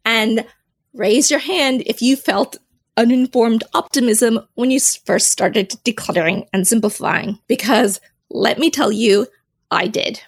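A woman's voice: on the high side, unhurried, slightly rough. A woman hosting her own podcast, talking casually and laughing at herself. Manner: chatty and self-mocking, laughs at herself. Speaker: podcast host. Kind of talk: casual solo podcast talk.

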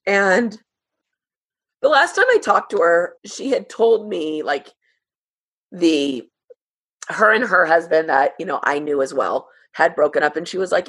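A woman in her thirties, a podcast guest, telling a personal story in a halting, emotional way with many fillers. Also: on the low side, animated, fairly bright tone, husky.

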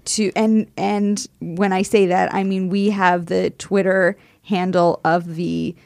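A woman's voice: on the low side, flat delivery, takes it slowly, creaky, a little mellow, no echo. A woman from Canada co-hosting a podcast, chatty, with hesitant restarts and frequent laughs. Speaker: podcast co-host. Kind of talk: casual chat.

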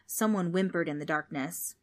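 A woman narrating a children's storybook in an expressive, playful way. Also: on the low side, moderate pace.

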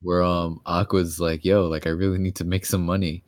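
A man's voice: deep voice, little pitch movement, normal speed, dry recording. A young man casually recapping an anime episode, laughing often and acting out the characters' lines.

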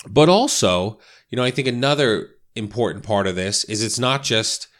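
A man with an expressive, somewhat low and slightly bright voice talks at normal speed. He's giving casual instructional talk to real estate agents, conversational and often checking in with "right?" and "you know".

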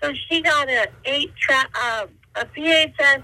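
A woman in her sixties telling stories as an interview guest by phone, animated and quick to slip into voices. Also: high-pitched, no room sound, low-quality recording. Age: 60s. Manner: animated, slips into voices and quotes. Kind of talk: interview storytelling.

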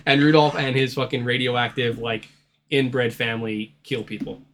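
A man's voice: mid-range voice, steady tone, normal speed, fairly bright tone, slight background noise. A man hosting a horror movie podcast, chatting in a crude, rambling way and laughing easily. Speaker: podcast host. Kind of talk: casual podcast chat.

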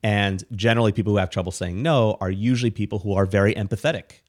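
A man's voice: on the low side, fairly even intonation, quick pace. A man co-hosting a podcast, explaining ideas in a matter-of-fact, casual way. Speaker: podcast co-host. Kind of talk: casual chat.

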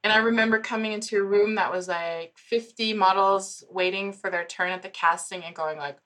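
A woman's voice: mid-range voice, moderate pace. A woman in her forties, a psychologist and founder from Germany, chatting as a podcast guest and laughing often as she tells stories. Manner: laughs often, animated storyteller. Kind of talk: casual interview chat.

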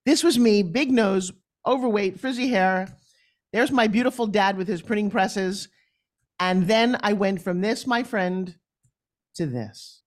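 An emphatic woman with a New York accent, speaking as a podcast guest. She tells her story in a candid, blunt and animated way, at a mid pitch for a woman. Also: a little slow.

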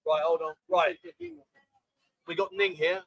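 A man with a high, light voice hosts a loose live show from a bar, rambling between names and drinks. He sounds close and dry on the mic, with no room echo, and keeps a chatty, scattered flow. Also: very animated, moderate pace, creaky. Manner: chatty, scattered, thanking people by name. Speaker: host. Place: Pattaya bar.

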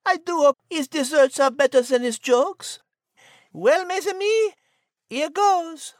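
A woman's voice: high voice, a little slow, no echo, studio quality. A woman voicing a dainty female cat with a put-on French accent, refined and playful. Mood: wry.

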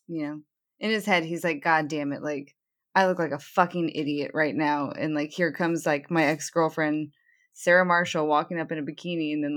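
A woman co-hosting a casual movie podcast, retelling scenes in a rambling way full of fillers and quick laughs. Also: fairly low pitch, a bit bright. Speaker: podcast co-host. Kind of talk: casual chat.

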